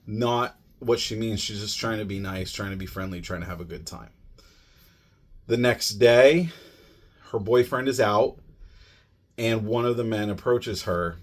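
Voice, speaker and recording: Male podcast reviewer, somewhat low register, relaxed chatty delivery with plenty of filler words. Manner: conversational, many "you know" and "like" fillers. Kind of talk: casual plot summary.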